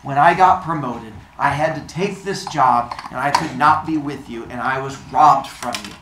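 A man doing a deep, rumbly sun god. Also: roomy sound, background noise, lightly acted. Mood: warm. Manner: slow, grand declarations. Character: giant sun god father, booming and solemn.

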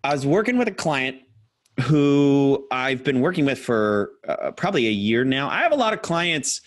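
A man's voice: medium pitch, big pitch swings, normal speed. A man co-hosting a podcast, chatting casually and enthusiastically about his coaching work. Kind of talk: casual chat.

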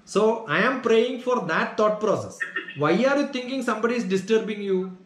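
A man's voice: sits high, expressive, moderate pace, roomy sound. A man teaching as a spiritual teacher, answering questions earnestly and checking in with his listeners as he explains. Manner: earnest, explanatory, asks "Got it?" to check understanding.

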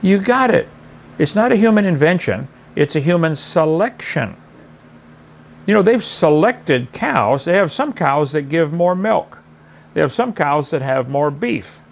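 A middle-aged man lectures his debate opponent in a mocking tone, circling back to the same points. His voice sits fairly high with a gravelly edge. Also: expressive, a little slow.

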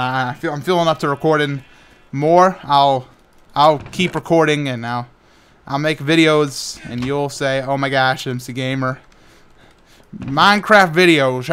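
Building in Minecraft, a weary young gaming-channel host chats casually, tripping over restarts and making goofy sound effects. He has a fairly high, smooth voice with a slightly bright tone.

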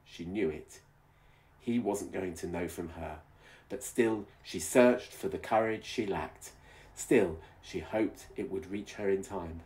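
A man's voice: low-pitched, takes it slowly, a little mellow. A man reading a romance story aloud in a mock-dramatic way, breaking off for teasing, sarcastic comments. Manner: wry, teasing. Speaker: video host reading aloud.

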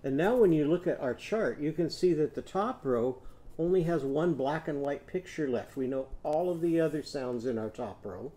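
A man teaching a phonics lesson to young children, patient and clear, leading sing-along sound games. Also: on the high side, animated, moderate pace, warm tone. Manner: sings call-and-response animal sounds.

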